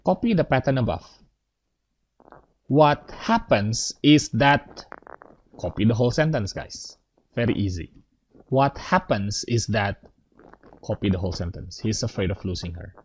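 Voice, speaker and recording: A man's voice: lowish voice, expressive, measured pace, long pauses, slightly rough, poor audio. A man teaching an English grammar lesson, explaining step by step and checking in with his students.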